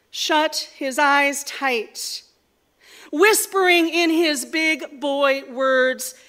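A woman giving a sermon, telling stories in a measured, earnest way before leading a prayer. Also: high voice, a bit bright. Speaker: preacher. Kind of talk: sermon with storytelling.

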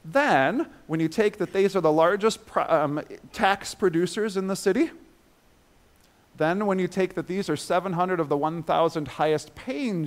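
A man preaching a sermon with emphatic swells and drops in his voice, then leading the listeners through a guided breathing exercise. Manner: emphatic, rising and falling in pitch and loudness.

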